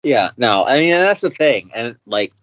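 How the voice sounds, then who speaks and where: A man's voice: mid-range voice, sing-song, normal speed, fairly bright tone, dry recording. A man with an American accent co-hosting a podcast, giving laid-back, wry music opinions and swearing casually. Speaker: podcast co-host. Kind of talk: casual music review chat. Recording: dry, dull lo-fi mic.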